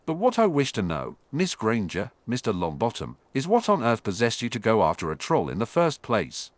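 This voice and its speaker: A man doing a shrill, strict Scottish professor woman. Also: huge pitch swings, moderate pace, dry recording. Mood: indignant. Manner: shrill, indignant.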